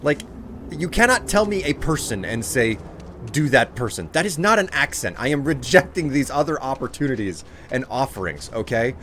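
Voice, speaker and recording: A man's voice: medium pitch, big pitch swings, normal speed, a bit bright, a little hiss or hum. Exasperated chatty male streamer. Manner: chatty, exasperated, thanking viewers. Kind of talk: casual live-stream chat.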